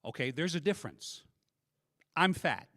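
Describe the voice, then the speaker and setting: A man's voice: fairly high pitch, a little slow. Self-deprecating male stand-up comic. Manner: self-deprecating, animated storytelling. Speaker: stand-up comedian. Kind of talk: stand-up comedy set. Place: live comedy stage. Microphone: handheld microphone.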